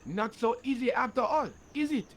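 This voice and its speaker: A man's voice: very high voice, normal speed, a little hiss or hum. An actor playing a haughty male street juggler with a French accent, mocking and condescending.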